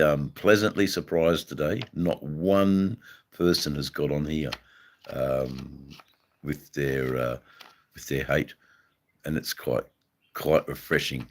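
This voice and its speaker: Deep-voiced Australian man chatting on a livestream. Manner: halting, many ums and repeats. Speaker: livestream host reading chat. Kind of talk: casual live-stream chat.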